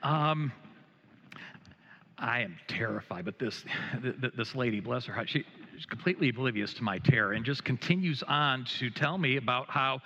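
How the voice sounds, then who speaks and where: A middle-aged man preaching a sermon as a pastor, telling a gently humorous story with many hesitations and restarts. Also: mid-range voice, animated, normal speed, long reverb tail, dull audio. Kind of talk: sermon with personal anecdote. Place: church sanctuary.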